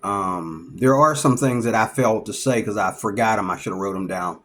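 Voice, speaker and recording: A man vlogging in a casual storytelling monologue, lively and acting out the people he talks about. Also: on the low side, normal speed. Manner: animated, acts out the people he describes.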